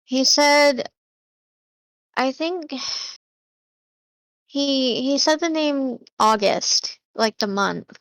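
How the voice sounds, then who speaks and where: A woman's voice: high voice, extremely slow, pauses often, fairly bright tone, clear, resonant tone, no echo. A woman player in a tabletop game, chatty and thinking aloud. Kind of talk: casual tabletop play.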